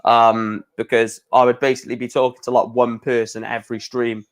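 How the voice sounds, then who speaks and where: A man's voice: mid-range voice, little pitch movement, fairly quick. A young man hosting a casual live stream, chatting in a rambling way and often correcting himself.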